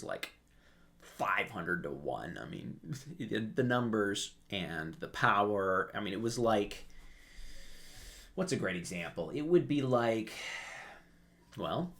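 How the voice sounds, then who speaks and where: Animated low-voiced male commentator. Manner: animated storytelling, acts out quotes. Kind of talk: casual history commentary.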